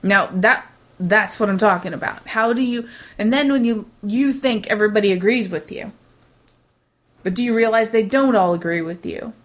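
A woman co-hosting a podcast in casual chat, talking in a rambling, animated way with many restarts. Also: mid-range voice, normal speed. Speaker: podcast co-host.

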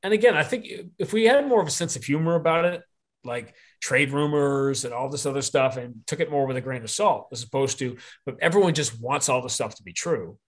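A man speaks at a middle pitch as a podcast guest. His talk is rambling and opinionated, with many restarts and self-corrections as he works through his point. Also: expressive, brisk. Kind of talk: casual podcast conversation.

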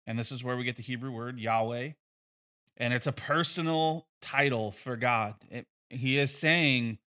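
Male bible teacher, middle pitch, bright, loose and conversational. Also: unhurried. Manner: conversational, with frequent fillers and restarts. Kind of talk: casual bible lesson.

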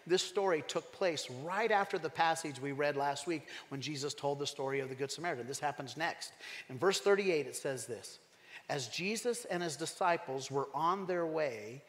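A man delivers an animated sermon, pressing his points and drawing the congregation in with questions. His voice sits a little high. It rings out with a long reverb through a church hall. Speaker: pastor.

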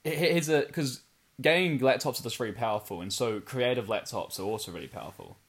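An excitable young man co-hosts a podcast, trading jokes in casual chat. He swears and laughs a lot, in an ordinary mid-range voice. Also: medium pitch, fast. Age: young adult. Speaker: podcast co-host.

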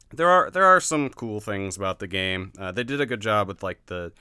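A man's voice: lowish voice, expressive, normal speed, bright, forceful tone, clear, resonant tone, no echo, studio quality. A man reviewing a video game in casual podcast chat, blunt and laughing often, swearing freely.

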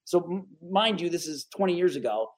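A man in his forties from the Capital Region of New York, a guest telling stories in a casual, animated interview. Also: sits high, a little fast. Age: 40s. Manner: animated, lively storyteller who acts out the people he quotes.

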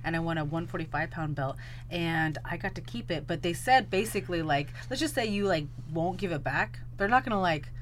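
A woman's voice: on the low side, fairly quick, a little hiss or hum. A woman fighter who is a podcast guest, chatting bluntly and teasing, with plenty of swearing. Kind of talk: casual chat.

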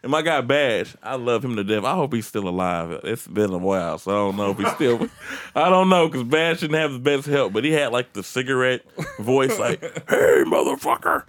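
A man's voice: mid-range voice, lively intonation, moderate pace. A man in casual chat, telling profane stories from his old job. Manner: crude, profane storytelling.

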